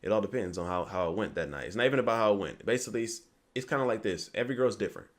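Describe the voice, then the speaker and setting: A man's voice: fairly low pitch, very fast. A young man giving rambling casual dating advice to camera, often asking "you get me?". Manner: rambling, repeats "you get me", acts out quoted lines.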